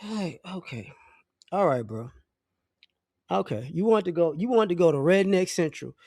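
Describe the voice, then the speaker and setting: A man's voice: sits high, animated, moderate pace, vocal fry, darkish tone, dry recording, studio quality. A middle-aged man giving a blunt, profane, rambling opinion rant as a vlogger, often restarting his sentences. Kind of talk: casual opinion rant to camera.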